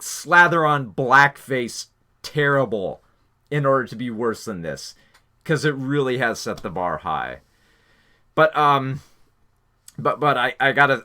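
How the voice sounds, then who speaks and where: A man reviewing a film in a casual spoken style, exasperated and halting with many restarts. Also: mid-range voice, bright, forceful tone.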